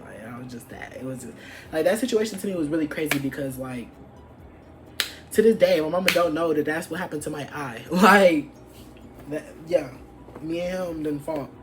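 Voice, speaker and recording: A young adult woman vlogger telling an animated, profane story from her past and acting out what people said. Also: low voice. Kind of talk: storytime vlog.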